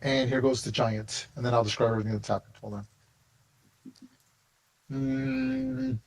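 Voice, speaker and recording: A man's voice: medium pitch, huge pitch swings, measured pace, gravelly, poor audio. A man narrating and running a tabletop game as game master, talking casually with many restarts.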